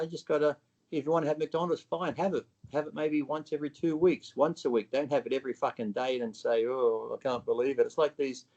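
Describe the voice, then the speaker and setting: A blunt man chats as an interview guest, swearing freely and putting on other people's lines. His voice sits at an everyday middle pitch. The recording sounds dull and lo-fi. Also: darkish tone. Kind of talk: casual interview chat.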